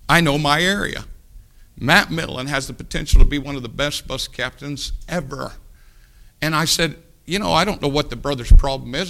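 A man preaching a sermon, telling a folksy story in a hushed voice and then rising into loud exhortation. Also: medium pitch, gravelly.

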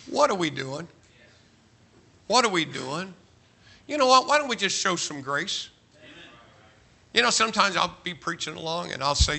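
A man's voice: high voice, lively intonation, normal speed, gravelly, long pauses, bright, forceful tone, husky. A man preaching a sermon to a large church, emphatic and joking, firing off rhetorical questions. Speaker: pastor.

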